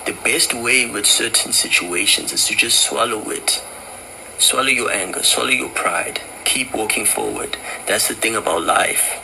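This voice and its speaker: A man's voice: lowish voice, normal speed, creaky, pushed and bright, slight background noise, poor audio. A man giving a motivational talk, earnest and repeating his point. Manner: earnest, repetitive advice.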